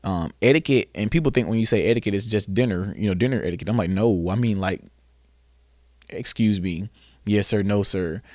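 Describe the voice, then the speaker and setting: Guesting on a podcast, the Southern-accented young founder of a boys' school recounts his story with sincerity, voicing the questions he used to ask. The studio recording has no echo, and his lowish, slightly mellow voice moves at a fairly quick pace.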